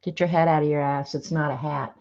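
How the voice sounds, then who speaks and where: A woman's voice: low-pitched, fairly even intonation, brisk, a little mellow. A woman reading sassy one-liners aloud to her viewers in a casual, chatty way, with small laughs in between. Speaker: crafter sharing sayings on video. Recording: dull, lo-fi home video sound.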